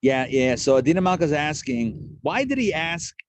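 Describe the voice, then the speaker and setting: A man, a rabbi, teaching a live Torah class in a chatty, lively way and acting out the people he quotes. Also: a little high, normal speed, no room sound.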